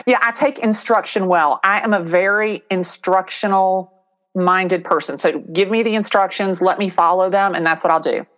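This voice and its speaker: A middle-aged woman from Atlanta, a real estate agent telling her story as an interview guest in a lively, chatty way, acting out the voices of the people in it. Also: medium pitch, normal speed. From Atlanta, USA. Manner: animated, acts out quoted voices, laughs often.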